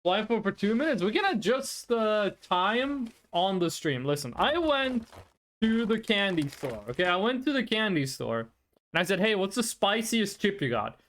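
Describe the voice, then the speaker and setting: Playful streamer with a lively, swooping voice. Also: mid-range voice. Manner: playful, chatty, quick to laugh. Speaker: VTuber streamer. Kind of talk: casual live-stream chat with viewers.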